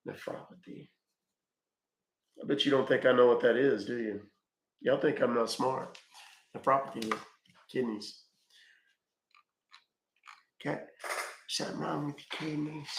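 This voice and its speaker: A man's voice: medium pitch, pushed and bright, echoey room, slight background noise. A man hosting a live stream, chatting casually and joking as he reads viewer comments aloud. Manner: chatty, joking, talks to chat.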